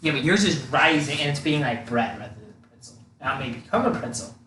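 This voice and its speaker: A young man with a bright, forceful voice rambles playfully through a casual baking chat. He sits back from the mic in an echoey home kitchen, with faint noise behind him. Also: on the high side, lively intonation, fast talker, far from the mic. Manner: rambling, restarts often, playful. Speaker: co-host of baking video.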